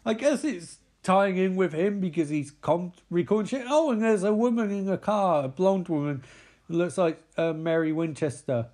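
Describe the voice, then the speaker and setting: A man's voice: sits high, moderate pace, a little mellow. A man giving rambling, sweary, sarcastic commentary over a film.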